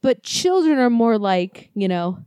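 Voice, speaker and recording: A woman co-hosting a podcast, chatting casually and reading listener ghost stories aloud with quick, laughing, profane asides. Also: fairly high pitch, big pitch swings, mellow, clean tone. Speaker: podcast co-host.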